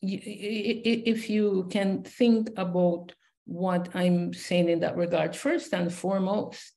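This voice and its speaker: A woman's voice: fairly low pitch, steady tone, takes it slowly, mellow. A woman from Jamaica with a Jamaican accent, a scholar and poet speaking on a panel, reflective and searching, with many fillers and repeated starts. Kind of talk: panel discussion remarks.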